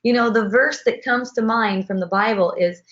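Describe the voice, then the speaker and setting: A woman hosting an online conversation speaks gently and reassuringly. Her voice is high. The sound is dull and lo-fi, like a video call. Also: normal speed. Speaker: host of online dialogue sessions. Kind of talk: casual supportive chat.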